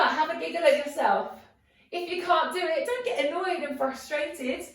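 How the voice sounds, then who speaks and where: A yoga teacher with a high voice speaks at a moderate pace while guiding her class, cheering students on playfully and asking coaxing questions. The sound is distant and very echoey.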